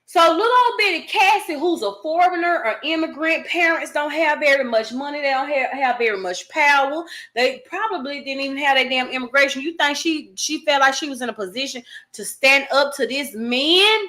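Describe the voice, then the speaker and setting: Bright, indignant woman commentator. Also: high-pitched, moderate pace, hardly any pauses. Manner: indignant, emphatic, reads article aloud and rants. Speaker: commentary vlogger. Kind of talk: casual news commentary.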